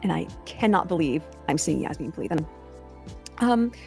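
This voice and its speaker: A woman's voice: deep voice, lively intonation, brisk, creaky, darkish tone, faint music behind. A woman interview guest telling a personal story in an earnest, reflective way.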